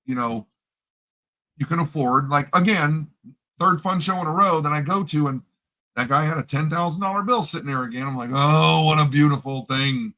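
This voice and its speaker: A man co-hosting a casual chat, joking and chatty with drawn-out asides. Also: fairly high pitch, sharp tone, low-quality recording. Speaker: co-host. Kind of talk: casual chat about coin collecting.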